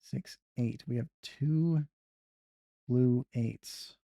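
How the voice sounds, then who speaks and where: This man hums and mutters to himself while plotting his next moves in a video game, giving relaxed gameplay commentary. His voice is mid-range and warm with vocal fry, he speaks extremely slowly, and the studio-quality recording has no room sound.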